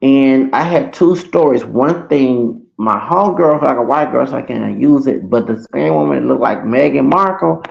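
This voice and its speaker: A man's voice: mid-range voice, moderate pace, gravelly, few pauses, highs cut off. A man telling a rambling, profane story on a casual livestream through a computer mic. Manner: rambling, profane, repeats himself.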